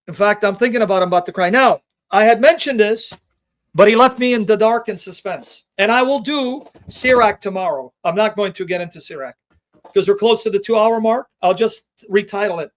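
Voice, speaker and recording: This livestream Bible teacher and host has a high-sitting voice and speaks at normal speed. He is emotional and passionate, speaking directly to his audience while reading scripture references and asking rhetorical questions.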